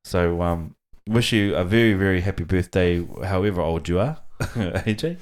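A middle-aged man with a New Zealand accent, his voice sitting very low. He hosts a relaxed podcast chat, pausing on ums and breaking into laughs. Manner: relaxed, laughs often, hesitant with many ums. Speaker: podcast host. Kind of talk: casual chat.

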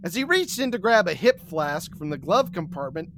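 A man telling a comic second-person story, deadpan and breaking into laughs. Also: sits high. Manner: deadpan, slow, laughing through. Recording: recording with audible hiss.

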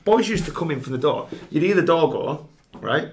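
A man's voice: a little high, animated, moderate pace, heavy background noise. A man, a podcast guest telling a long, sweary dressing-room story and laughing often as he goes. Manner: laughs through his stories, sweary. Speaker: podcast guest, former footballer. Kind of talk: casual anecdote telling.

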